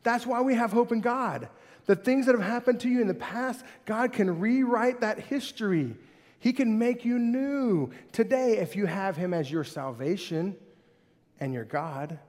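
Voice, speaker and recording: A male pastor preaching a sermon with animated, conversational delivery that swings between loud and soft. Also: high voice. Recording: hall reverb.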